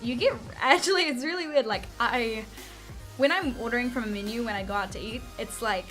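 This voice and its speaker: A woman's voice: on the high side, brisk, faint music behind. A young woman, vlogging in a chatty storytelling way and acting out quoted lines. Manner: chatty storytelling, acts out quotes with bright swings. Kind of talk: casual chat to camera.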